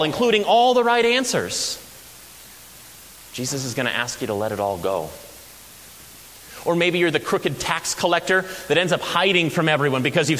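Animated male preacher in an echoey hall. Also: fairly high pitch. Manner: animated storytelling with humor. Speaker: pastor. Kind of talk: sermon. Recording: echoey hall with faint hiss.

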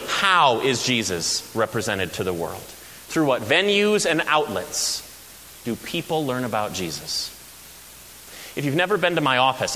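Animated male preacher in an echoey hall. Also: mid-range voice. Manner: animated storytelling with humor. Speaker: pastor. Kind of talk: sermon. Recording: echoey hall with faint hiss.

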